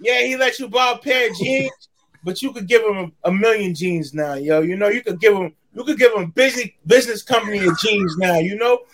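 A man's voice: sits high, fairly quick, a bit bright, a little hiss or hum. A man co-hosting a live sports talk show, hyped and goofy, firing up a fighter. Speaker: co-host. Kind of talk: casual live-show chat.

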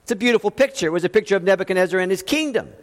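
A male pastor preaches with force, throwing rhetorical questions at his congregation. His voice sits high for a man. The sound carries the long reverb of a church hall. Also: lively intonation, rapid-fire. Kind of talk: sermon.

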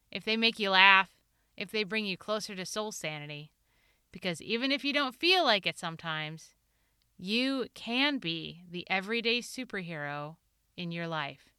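A woman author reading her own personal story aloud, earnest and expressive. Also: medium pitch, clean tone, no echo, clean studio sound. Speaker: author and show host.

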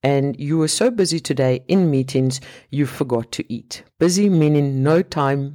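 Chatty podcast host. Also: male voice, mid-range voice, warm tone. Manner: chatty, repeats and rephrases points. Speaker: podcast host and fat loss coach. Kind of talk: solo podcast talk.

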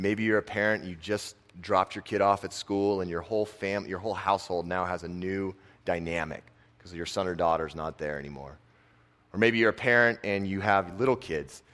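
A young man giving a casual, conversational sermon, dropping his voice soft on key lines. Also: sits low. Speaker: preacher and football coach.

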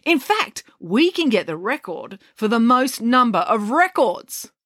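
A woman voicing an eager, bossy young girl who talks excitedly and emphatically. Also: fairly high pitch, measured pace, dry recording, studio quality, pitched above the performer's own voice, full character voice.

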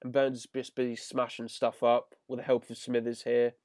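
A man's voice: mid-range voice, completely flat delivery, normal speed, darkish tone, dry recording, studio quality. A man hosting a podcast, enthusiastically recapping a cartoon episode with lots of fillers. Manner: enthusiastic, paraphrasing scenes with filler words. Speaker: podcast host. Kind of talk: casual chat reviewing an episode.

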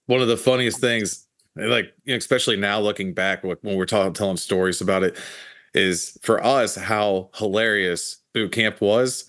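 A man with a low, bright, forceful voice, heard dry and close on the mic. He hosts a laid-back podcast, musing in a relaxed and profane way. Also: moderate pace, dry recording. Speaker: podcast host, Marine veteran. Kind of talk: casual podcast chat.

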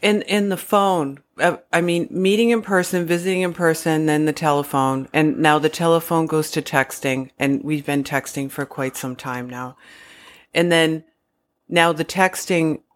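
A woman's voice: deep voice, fairly even intonation, normal speed. Chatty upbeat woman co-host. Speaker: podcast co-host. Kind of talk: casual podcast chat.

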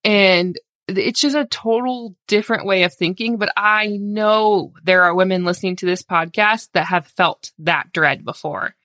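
A woman's voice: mid-range voice, measured pace, few pauses, fairly bright tone, no echo, studio quality. A woman in her thirties hosting a solo podcast, talking candidly and encouragingly in a casual conversational way with lots of "like"s. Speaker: podcast host.

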